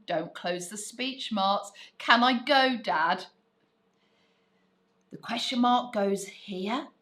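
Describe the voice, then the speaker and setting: A woman leads a writing lesson at a slow, unhurried pace, thinking her choices through aloud. She stresses words playfully and encourages her young writers as she models each sentence. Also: mid-range voice, gravelly, a bit bright. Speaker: primary writing teacher.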